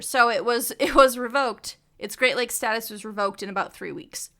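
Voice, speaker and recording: A woman's voice: on the high side, expressive, normal speed, sharp tone. A young woman co-hosting a casual research podcast, chatty with laughing asides and many fillers. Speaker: podcast co-host.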